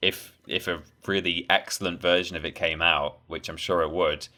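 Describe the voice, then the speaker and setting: A Yorkshire-accented man co-hosting a casual gaming podcast. His voice is low yet bright and forceful, and his humour stays dry and deadpan, heavy with sarcasm. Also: normal speed. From Yorkshire, England. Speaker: podcast co-host. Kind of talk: casual chat.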